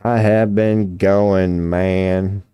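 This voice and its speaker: A man live-streaming tarot readings, chatting casually and reading chat aloud, his voice going hoarse as he keeps clearing his throat. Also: sits low, flat delivery, drawn-out words, dark tone, no echo. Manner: rambling, swears casually, laughs often, reads chat aloud.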